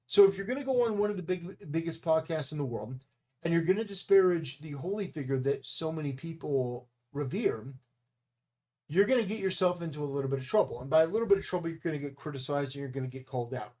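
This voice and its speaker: A man delivers an opinion monologue with a somewhat high-pitched voice. He sounds blunt and combative, dismissive of the people he argues against. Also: animated, fast talker, mellow. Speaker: commentary channel host.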